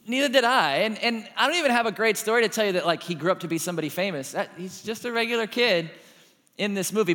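A man's voice: high-pitched, sharp tone, long reverb tail. A man preaching a sermon to a congregation, joking and acting out little dialogues. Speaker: pastor.

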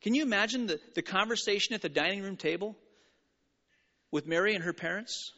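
A man preaching a sermon, animated and playful with frequent stumbling restarts, in an echoing church hall. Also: high-pitched, brisk. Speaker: pastor. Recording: reverberant hall, dull sound.

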